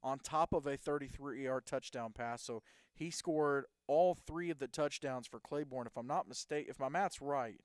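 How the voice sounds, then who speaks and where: Smooth-voiced man talking football. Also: medium pitch, moderate pace, dry recording, studio quality. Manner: rambling, reads off game stats. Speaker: host. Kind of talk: casual sports talk.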